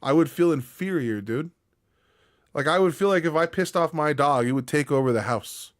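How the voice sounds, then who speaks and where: A man's voice: fairly high pitch, moderate pace. A young man streaming, rambling in a laid-back, slangy way as he chats with his viewers. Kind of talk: casual live-stream chat.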